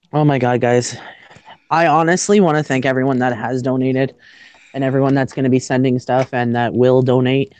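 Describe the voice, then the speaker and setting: Her voice extremely low and a little mellow, a Canadian woman livestreams a casual chat from outside in bitter cold. The recording is dry as she shivers, stutters, and laughs at herself through giggly, self-mocking jokes.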